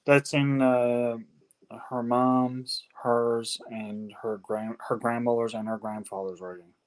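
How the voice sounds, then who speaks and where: A man, a hobby tattoo artist, talking in a relaxed, plain-spoken way in a casual live chat. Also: mid-range voice, slow, low-quality recording.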